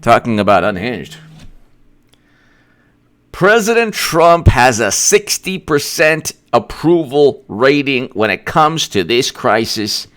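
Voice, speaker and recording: A man talks through a casual political commentary, rambling and sarcastic, tripping over restarts as he goes. His voice moves up and down a lot and stays smooth and clear. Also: medium pitch, sing-song, slow, fairly bright tone.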